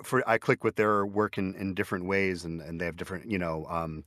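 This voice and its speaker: Low-voiced chatty male narrator. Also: little pitch movement, fairly quick, a bit bright, no echo, studio quality. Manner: chatty, self-interrupting, acts out quoted exchanges. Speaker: audiobook narrator. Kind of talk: casual interview chat. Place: small home recording booth. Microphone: video call.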